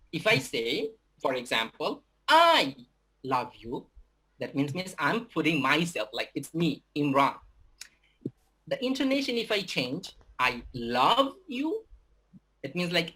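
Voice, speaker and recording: A young man with a Bangladeshi accent gives an English lesson to a group of students. His voice is husky and breathy, and his speech is halting, full of fillers and restarts. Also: a little high, sharp tone. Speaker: English teacher. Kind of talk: giving a talk to students.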